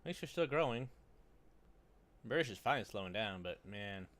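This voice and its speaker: A man's voice: on the low side, lively intonation, brisk, fairly bright tone. A man casually commentating his own strategy game playthrough, muttering to himself and grumbling at the game. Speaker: gaming YouTuber. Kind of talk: casual let's-play commentary.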